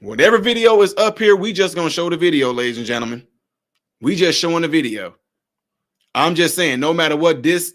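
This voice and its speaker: Sarcastic high-voiced man reacting to videos. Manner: animated, sarcastic, repeats himself. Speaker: political commentary host. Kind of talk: casual reaction commentary.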